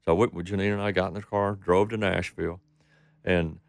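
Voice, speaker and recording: A man's voice: deep voice, little pitch movement, a little fast, vocal fry, no echo. A man from Texas, a country singer, telling rambling stories in an interview, acting out what people said. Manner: rambling anecdotes with quoted voices. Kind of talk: storytelling interview.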